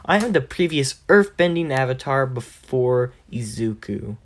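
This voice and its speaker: A man's voice: mid-range voice, lively intonation, measured pace. A man voicing a stern, motherly female warrior who speaks curtly and bluntly in a fan-made story.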